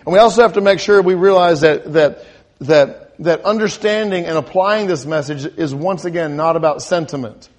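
A man with a fairly high voice preaches at normal speed, questioning his congregation and working up to emphatic climaxes. His delivery is marked by frequent restarts and repeated words.

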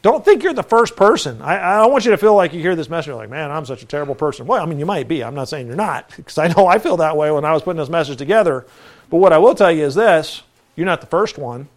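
Man, middle-aged pastor, casual preaching voice, self-deprecating asides, slightly high pitch. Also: expressive, fast. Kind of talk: sermon.

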